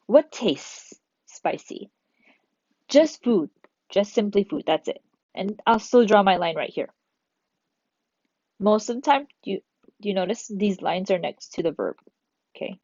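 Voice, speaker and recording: A woman's voice: medium pitch, a little mellow, no echo, lo-fi sound. A woman teaching a recorded grammar lesson to third graders, chatty, asking and answering her own questions.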